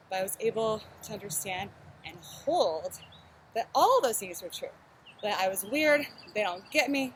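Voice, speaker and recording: A woman's voice: a little high, rough recording. Chatty woman leading a home workout. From Texas. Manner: chatty and candid, talks while exercising. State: straining from a shoulder exercise. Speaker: fitness instructor.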